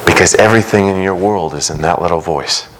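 A middle-aged man preaching a sermon as pastor, earnest and emphatic, his pace shifting from quick runs to slow, stressed words. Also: sits low, noisy background.

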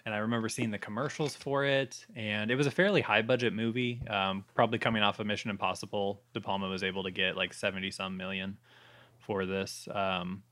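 Low-voiced fast-talking male podcast host. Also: little pitch movement, fairly bright tone. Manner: enthusiastic, rambling with fillers. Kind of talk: casual chat.

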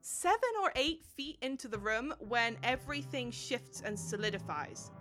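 Bright-voiced woman game master. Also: on the high side, lively intonation, faint music behind. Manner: descriptive, unhurried narration with laughs. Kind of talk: narrating a tabletop game.

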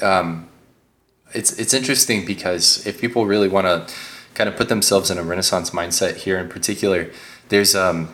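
A man's voice: sits low, sharp tone, reverberant. A man hosting a casual podcast discussion, rambling along with many fillers. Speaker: podcast host.

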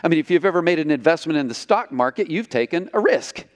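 A man preaching a sermon as pastor, storytelling with lively delivery and acting out the quotes. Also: fairly high pitch, fast, long reverb tail. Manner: animated storytelling, acts out quotes.

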